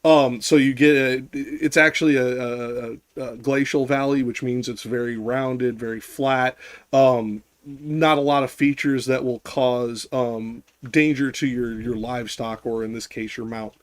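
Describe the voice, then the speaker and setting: Brief: man, casual chat, middle pitch, long-winded explainer who swears offhand. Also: steady tone, unhurried. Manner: rambling explainer, many fillers and restarts, swears casually.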